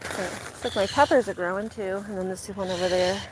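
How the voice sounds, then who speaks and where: A young woman chatting casually with her live chat from her garden, slipping into high sing-song baby talk with her dog. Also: steady tone, fast talker, noisy background. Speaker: vlog host talking to live chat. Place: outdoors in a home garden.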